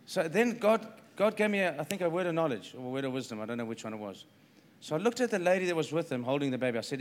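A man's voice: a little high, very animated, rapid-fire, few pauses. A man preaching a sermon as a pastor, emphatic and repeating phrases, acting out the quoted dialogue in his story.

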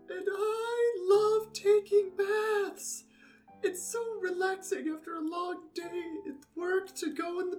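A man voicing a bubbly woman in a parody commercial, giggling in a breathy falsetto. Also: recorded from a distance. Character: bubbly woman hosting a bath product ad. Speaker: ad presenter.

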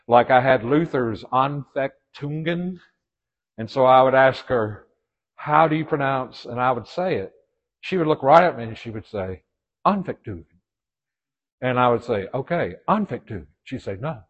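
A man with a Southern US accent teaches an informal church leadership class in a folksy style, making joking asides and restarting often. His voice is medium-pitched, and the audio sounds dull.

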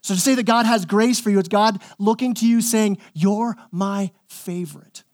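Male pastor, higher register, conversational and emphatic sermon delivery with frequent repetition. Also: steady tone, fairly quick. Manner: conversational and emphatic, repeats words when pressing a point.

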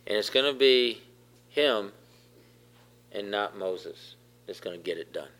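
Male pastor, sermon delivery, low-ish voice, emphatic and repetitive, quizzes listeners. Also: animated, measured pace, a bit bright. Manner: emphatic, repeats phrases, questions the congregation.

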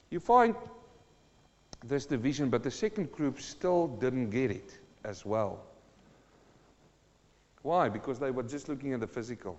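A man preaching a sermon as pastor, moving between low, earnest talk and loud, fervent declarations. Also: lively intonation, moderate pace, long reverb tail, highs cut off. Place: church.

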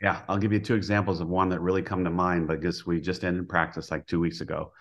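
A man who coaches softball, a guest on a podcast, explaining things in a plainspoken way. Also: deep voice, level tone, fast talker. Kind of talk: casual podcast interview.

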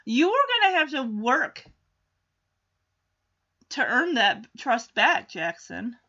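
A woman's voice: a little high, very animated, slow, bright, forceful tone, muffled recording. A woman casually recapping a sitcom episode in a chatty way, acting out the characters' lines as she goes. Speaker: show recap host.

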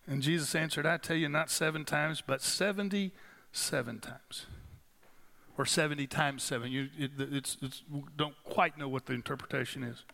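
Speaking to his congregation in a relaxed, conversational manner, this male pastor has a high, clear, bright voice. He slows down and emphasizes the phrases he wants to land as he preaches.

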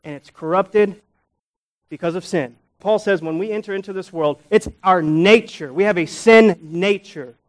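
Emphatic preacher, a man with fairly high voice. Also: moderate pace, rough recording. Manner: emphatic, swings between loud urgent passages and quiet, low asides; repeats key phrases for emphasis. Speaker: pastor. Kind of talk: sermon.

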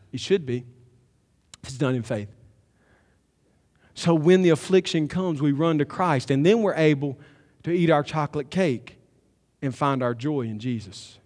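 A man preaching a sermon as pastor, emphatic and building to loud climaxes. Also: fairly high pitch, in a large hall. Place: church sanctuary.

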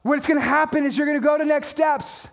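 High-voiced man preaching energetically. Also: brisk, vocal fry. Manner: energetic, conversational preaching with rhetorical questions; reads scripture aloud. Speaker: pastor. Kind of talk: sermon.

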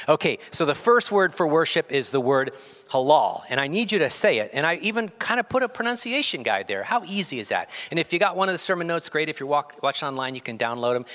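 Animated male pastor in a reverberant hall. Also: on the high side, brisk. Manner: animated, joking, leads call-and-response with the congregation. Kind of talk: sermon. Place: church sanctuary.

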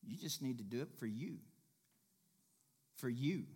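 A man preaching to his congregation in a mid-pitched voice. He talks in a folksy, easygoing way, repeats his key points and climbs into loud, emphatic bursts. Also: expressive, measured pace, husky. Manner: folksy, jokes with the congregation and laughs. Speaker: pastor. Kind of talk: sermon.

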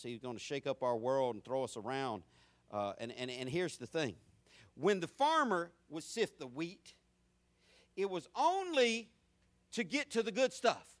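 A middle-aged man, a pastor, preaching with rhythmic repetition, swinging between loud, driving lines and low, hushed ones. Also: dry recording, clean studio sound. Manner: repetitive, rhythmic phrasing with homespun asides. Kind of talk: sermon.

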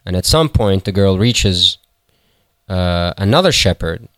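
A man retells a folktale, pausing and correcting himself as he goes. His voice is very deep and smooth, and the recording is close and dry. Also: animated, fairly bright tone, dry recording. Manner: halting, with fillers and self-corrections. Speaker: storyteller.

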